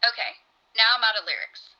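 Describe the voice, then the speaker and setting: A playful AI chatbot, voiced by a woman that trades quips and sings little rhymes. The voice is bright and slightly high. It sounds dull and lo-fi, as if it plays from a phone speaker. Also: big pitch swings, fairly quick, full character voice. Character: witty female AI chatbot voice. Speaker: AI assistant.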